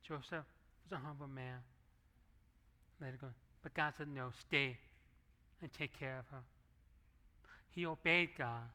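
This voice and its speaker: A man's voice: fairly high pitch, bright, forceful tone. A middle-aged man preaching a sermon as pastor, talking conversationally and slipping into acted asides, on a handheld microphone in a church. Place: church sanctuary.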